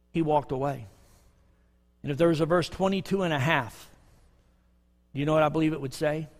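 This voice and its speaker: A man preaching a sermon as pastor, impassioned and pleading, with dramatic pauses. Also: on the high side. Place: church sanctuary. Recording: long church reverb.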